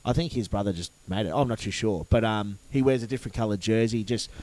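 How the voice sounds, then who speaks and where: A man's voice: on the low side, fast, a little mellow. A man co-hosting a podcast, talking in a rambling, laid-back casual way. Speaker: podcast co-host. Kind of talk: casual chat.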